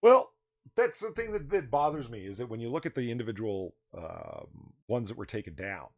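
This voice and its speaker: A man's voice: medium pitch, huge pitch swings, normal speed, creaky, dry recording. A man hosting a casual livestream chat, ranting animatedly and swearing freely into his desk microphone. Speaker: podcast host.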